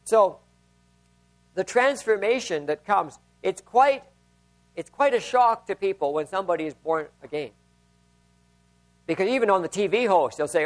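High-voiced man preaching a sermon. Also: expressive, normal speed, long pauses. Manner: conversational, with anecdotes, repeats and restarts. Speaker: pastor.

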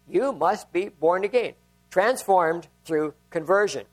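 A man's voice: sits high, lively intonation, slow, faint music behind. A man, a pastor, preaching a sermon in a conversational way, telling stories and often repeating and restarting his phrases.

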